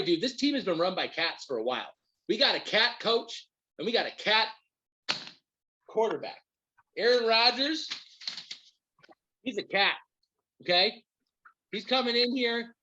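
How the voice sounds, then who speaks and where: A man with a high voice hosts a podcast where he rants about his football team. The commentary is heated, profane and animated, and the recording quality is low.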